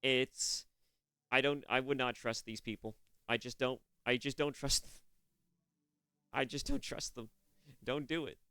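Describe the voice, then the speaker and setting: A man's voice: mid-range voice, steady tone, unhurried, pauses often, pushed and bright, smooth, no echo. A young man from California giving casual, profane reaction commentary, rambling with restarts. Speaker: reaction streamer.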